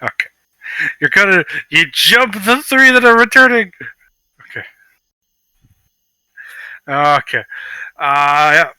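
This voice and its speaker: A man narrating as game master of a tabletop game, playful and animated. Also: on the high side, slow pace, pauses often, clean tone, no echo.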